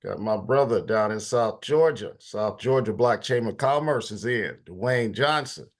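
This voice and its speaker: A man hosts a policy talk in a relaxed, conversational way. His voice is a bit stuffy and congested, and he greets attendees by name as they come in. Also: fairly low pitch, a little slow. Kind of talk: casual online meeting hosting.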